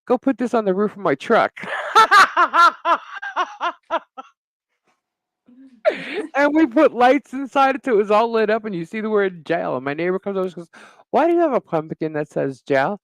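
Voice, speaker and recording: A man's voice: high voice, normal speed, long pauses, no room sound, rough recording. A middle-aged man co-hosting a live talk show, telling a neighbor story in casual chat, laughing often and cursing freely. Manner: animated storyteller, frequent laughter, swears. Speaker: podcast co-host.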